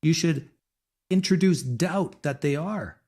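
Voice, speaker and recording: A man's voice: on the high side, takes it slowly, a little mellow. A man giving an opinionated monologue in a preachy way, repeating his points.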